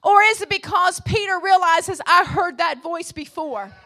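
A woman preaching a sermon to a church congregation, asking the room questions and swinging from quiet, low passages to shouted high points. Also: measured pace. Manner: call-and-response preaching, swinging between soft low passages and shouted peaks.

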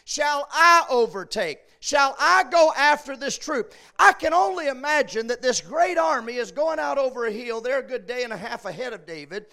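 A man preaching a sermon, swinging between shouted peaks and quiet asides. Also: extremely high pitch, lively intonation, moderate pace, vocal fry, few pauses.

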